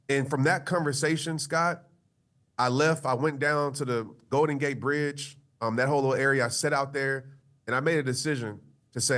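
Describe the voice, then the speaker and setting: A man's voice: mid-range voice, normal speed, a bit bright. A male motivational speaker telling a personal story in an interview, earnest and conversational, with frequent fillers.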